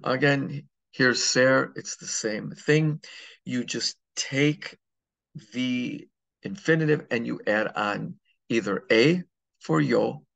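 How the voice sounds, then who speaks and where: A man's voice: medium pitch, slow pace, vocal fry, fairly bright tone. A man teaching a grammar lesson, walking through examples step by step and checking understanding with frequent "okay?"s. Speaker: Spanish teacher. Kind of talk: classroom lesson.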